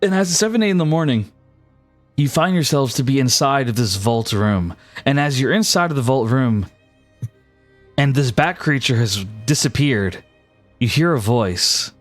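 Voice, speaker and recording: Man, game master, casual narration, mid pitch, faint music behind. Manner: casual, filler-heavy narration.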